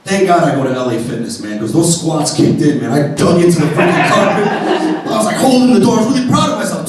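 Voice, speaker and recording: A man doing stand-up, telling a long story in an animated way and swearing freely. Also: high voice, quick pace, faint music behind. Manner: animated, profane. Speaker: stand-up comedian. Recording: echoey room, distant mic.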